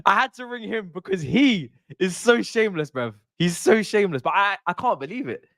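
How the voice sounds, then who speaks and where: Young guy, high lively voice, dry close sound, exasperated football ranting. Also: normal speed, no echo. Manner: animated, exasperated, slangy ranting. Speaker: streamer hosting a football watch-along. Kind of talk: live watch-along reaction.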